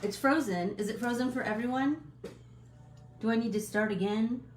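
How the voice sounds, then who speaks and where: A middle-aged woman hosting a casual live stream, chatting in a friendly, rambling way with many fillers and quick apologies. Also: a little high, roomy sound, a little hiss or hum.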